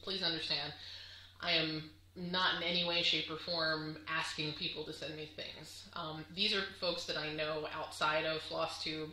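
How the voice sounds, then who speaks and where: A woman's voice: sits low, level tone, normal speed, bright, forceful tone, roomy sound, slight background noise, rough recording. A woman chatting casually to camera on her crafting vlog, gushing and chatty with lots of fillers. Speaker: crafting vlogger.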